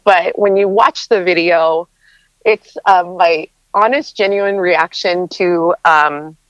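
A woman's voice: lowish voice, slow pace, no room sound, lo-fi sound. A woman in her thirties answering interview questions in a chatty, emotional way, with many fillers and laughs. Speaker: interview guest, content creator.

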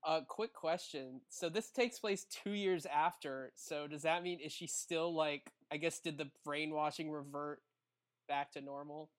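A man's voice: a little high, measured pace, smooth. A man co-hosting a podcast, reading fan fiction aloud in a wry, casual way. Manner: wry, laughs while reading. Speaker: podcast co-host.

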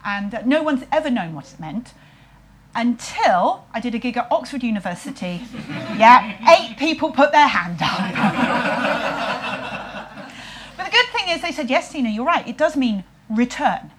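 A woman with a husky voice, telling a comic story in a wry, self-mocking way and putting on playful voices for quotes. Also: on the high side, big pitch swings, measured pace, pauses often, noisy background.

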